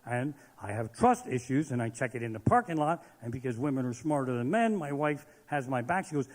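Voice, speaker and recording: A man doing a profane stand-up comedy set on stage, ranting and shouting his punchlines. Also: mid-range voice, sing-song, brisk. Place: live comedy stage in a large hall. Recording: live venue with long hall reverb.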